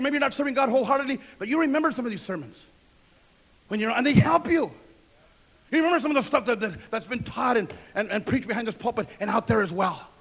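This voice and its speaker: A man's voice: very high-pitched, gravelly, breathy edge. A male pastor preaching a sermon, emphatic and repetitive, asking the congregation questions and answering them himself.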